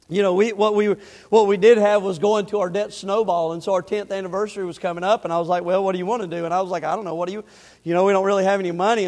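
A middle-aged man preaching in church, telling a personal story in a conversational way, then building to emphatic preaching with repeated phrases. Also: high voice. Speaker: pastor. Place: church sanctuary. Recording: long hall reverb.

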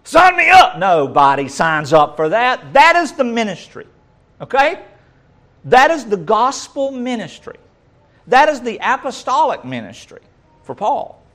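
A man's voice: sits high, fairly bright tone. A man preaching a sermon with emphatic delivery, repeating rhetorical questions to drive points home.

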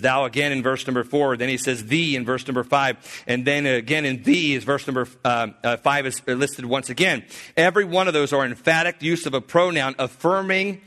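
A man preaching a sermon, swinging between loud, emphatic lines and hushed, slowed passages, often restarting his sentences. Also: a little high. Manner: earnest, with frequent restarts and filler.

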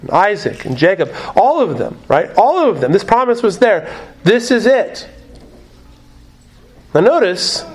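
High-voiced man preaching a sermon. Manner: expository preaching, repeats key phrases, asks rhetorical questions. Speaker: pastor.

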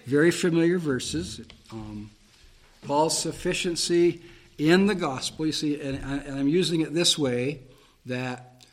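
A man's voice: a little high, measured pace. A man preaching a Bible-teaching sermon, reading verses aloud and explaining them plainly, with fillers and restarts.

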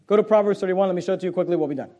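A man's voice: high-pitched, rapid-fire, dark tone. A man preaching a sermon to a church congregation, reading scripture aloud with mounting force. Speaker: pastor. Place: church auditorium.

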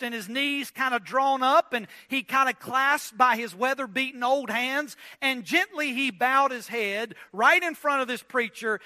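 A man preaching a sermon, restarting words often and dropping low and soft on key lines. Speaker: pastor.

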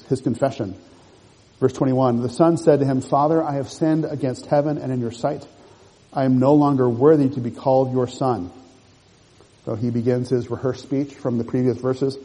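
A man gives an earnest sermon, speaking in short phrases and reading scripture between his comments. His voice is mellow and a little husky. A long reverb trails behind him. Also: medium pitch. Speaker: preacher.

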